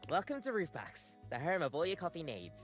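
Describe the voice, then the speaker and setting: A chirpy, nervous coffee maker, bouncing through customer-service lines in a video game. Her lively pitch swoops, and game music plays clearly behind her. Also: fairly quick.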